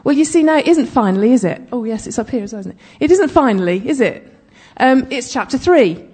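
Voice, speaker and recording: A woman's voice: fairly high pitch, expressive, fairly quick, warm tone, husky. A woman giving conversational Bible teaching, chatty, with humorous asides and frequent check-ins with her listeners.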